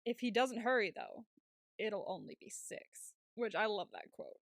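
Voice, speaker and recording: A woman's voice: mid-range voice, moderate pace, dry recording, clean studio sound. A young woman co-hosting a podcast, casually recapping an episode and acting out characters' lines as she goes. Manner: animated retelling with quoted lines. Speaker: podcast co-host.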